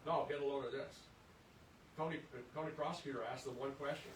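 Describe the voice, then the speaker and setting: An older male presenter delivers an earnest, indignant lecture, picked up from a distance in an echoey room. A faint rumble sits under his mid-pitched voice. He often repeats words as he restarts a thought. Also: fairly even intonation, brisk. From Upper Peninsula of Michigan. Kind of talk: public history lecture.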